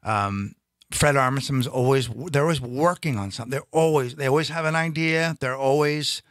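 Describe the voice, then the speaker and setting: A man's voice: mid-range voice, normal speed, a bit bright, dry recording, clean studio sound. A man, a stand-up comedian, talking casually and rambling, often breaking off and restarting his sentences. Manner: rambling, self-interrupting, frequent restarts. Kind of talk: casual chat.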